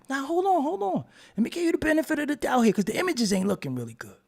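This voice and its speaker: A man's voice: very high-pitched, huge pitch swings, fast talker, creaky, hardly any pauses, darkish tone. A man hosting his own show, doing livestream roast commentary in a mock-outraged, teasing way. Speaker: show host.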